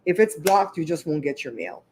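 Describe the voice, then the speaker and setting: Woman host, lowish voice, rambling chatty storyteller on a livestream. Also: animated, moderate pace, a little mellow, a little hiss or hum. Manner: chatty, rambling retelling full of asides. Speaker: show host.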